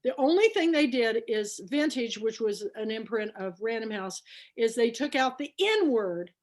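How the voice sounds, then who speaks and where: Woman, from Kansas, book club host, chatty, emotional, video call, fairly high voice. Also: animated, normal speed, a little mellow. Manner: chatty, emotional, retells conversations. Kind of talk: casual chat on video call.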